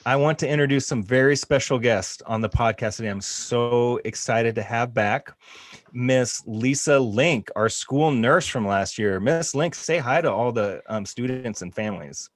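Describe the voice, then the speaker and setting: A man's voice: mid-range voice, moderate pace, dry recording. A man, a school counselor hosting a school podcast, talking upbeat and joking with guests. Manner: upbeat, joking, talks to students. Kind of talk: casual podcast chat.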